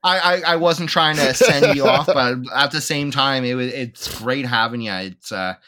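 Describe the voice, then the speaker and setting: A man's voice: mid-range voice, normal speed, pushed and bright, no echo. A man with a Canadian accent hosting a podcast in an upbeat, chatty way. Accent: Canadian English. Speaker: podcast host. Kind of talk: casual podcast chat.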